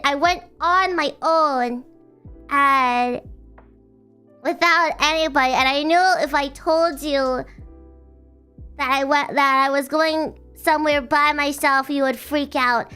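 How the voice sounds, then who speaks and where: Bubbly woman streamer, bright and sharp tone, rambling casual chat full of restarts. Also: high voice. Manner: rambling, bubbly, self-teasing with frequent restarts.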